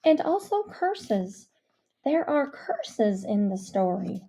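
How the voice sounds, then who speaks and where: A woman's voice: medium pitch, very animated, takes it slowly, mellow, slight background noise. A woman voicing a theatrical young girl who believes she is cursed, in a storybook reading. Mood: dramatic. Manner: theatrical, heightened.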